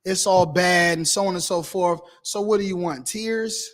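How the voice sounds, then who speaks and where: A man lecturing a class in a preaching style, repeating himself and asking "right?" often, swinging between loud emphasis and quiet murmur. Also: sits high, steady tone, moderate pace. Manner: preachy, repetitive, asks "right?" and "you understand?". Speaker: class teacher.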